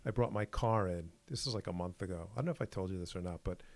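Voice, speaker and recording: Animated man telling stories, dry sound. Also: deep voice, quick pace, gravelly, dry recording. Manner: animated storyteller who acts out quoted exchanges. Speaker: podcast co-host. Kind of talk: casual chat.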